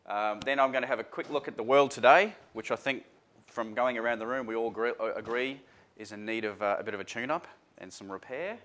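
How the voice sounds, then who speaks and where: Talking casually through a workshop before a live crowd, this presenter keeps stumbling into fillers and restarts. His medium-pitched voice has a fairly bright tone and moves fairly quickly.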